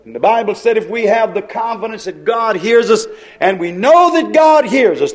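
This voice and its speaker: Folksy preacher guy, pretty high voice, repeats himself a lot. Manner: folksy storytelling, repeats phrases. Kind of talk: sermon.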